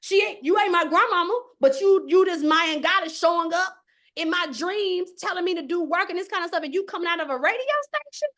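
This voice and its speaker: A woman teaching a live online astrology class in an animated, conversational way, often checking in with her listeners. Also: extremely high pitch, a little fast.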